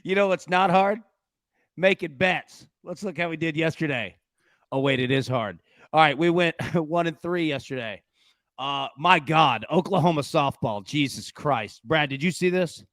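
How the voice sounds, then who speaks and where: A man hosts a sports betting show in loose, casual chat. He gets animated and excitable as he jokes and recaps games. His voice sits a little high, and the sound is dry and close. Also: normal speed, no room sound.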